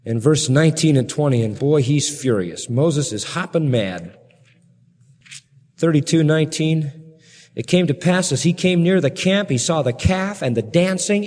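A man's voice: on the high side, normal speed, in a large hall. A man preaching a sermon, retelling Bible stories dramatically and acting out quotes. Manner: animated, dramatic Bible storytelling with voiced quotes.

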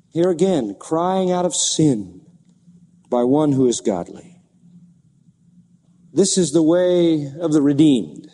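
Preaching man with a bright-pitched, mellow voice. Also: sing-song, takes it slowly, long pauses, big-room sound. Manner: expository preaching, rising to impassioned reading of scripture. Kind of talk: sermon.

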